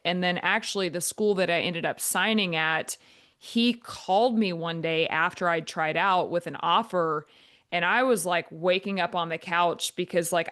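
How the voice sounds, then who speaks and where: Low, monotone woman telling stories. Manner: talks in long flowing answers with many fillers. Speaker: guest, volleyball coach. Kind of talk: podcast interview.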